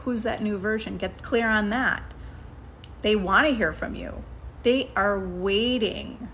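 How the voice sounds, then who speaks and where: A woman's voice: mid-range voice, takes it slowly, a bit bright, a little hiss or hum. A woman giving a casual coaching talk as a manifestation coach, coaxing her listeners and checking in with frequent "okay?" and "right?". She often restarts sentences while thinking aloud.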